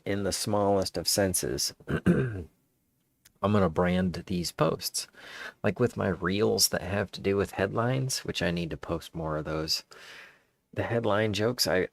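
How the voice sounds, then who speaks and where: A man's voice: low-pitched, creaky, dry recording. A man musing aloud in a meandering, casual monologue, restarting his sentences as he thinks.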